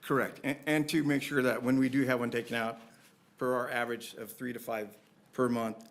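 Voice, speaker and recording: A man's voice: medium pitch, level tone, brisk. Earnest city staff man explaining. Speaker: city division manager. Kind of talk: staff briefing at council meeting.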